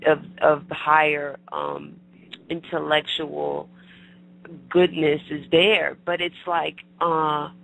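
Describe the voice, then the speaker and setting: A man hosting an interview, speaking earnestly and reflectively, pausing with fillers as he thinks aloud. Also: fairly high pitch, expressive, creaky, pushed and bright, no echo, rough recording. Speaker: host. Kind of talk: interview conversation.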